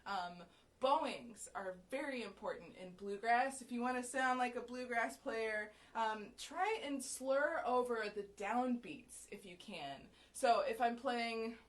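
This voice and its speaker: A woman from the USA giving a relaxed, explanatory fiddle lesson, often checking in with "right?", with violin playing between phrases. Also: fairly high pitch, a little slow. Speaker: violin teacher. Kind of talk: casual music lesson with fiddle demonstrations.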